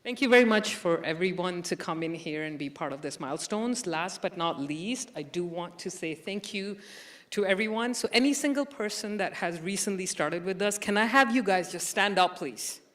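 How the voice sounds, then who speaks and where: A woman's voice: fairly low pitch, normal speed, fairly bright tone. A woman from human resources giving an upbeat, welcoming speech at a company event. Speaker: HR presenter.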